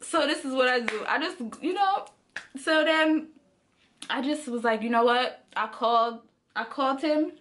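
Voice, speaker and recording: A young woman from the Caribbean, a vlogger telling a story in casual, slangy, animated talk. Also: sits high, normal speed. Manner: animated, slangy, laughs often.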